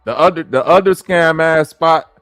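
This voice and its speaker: A man's voice: fairly high pitch, moderate pace, fairly bright tone, dry recording, faint music behind. A man from the American Midwest hosting a stream, reacting to clips and talking to his chat in blunt, profane slang. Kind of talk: casual commentary with chat.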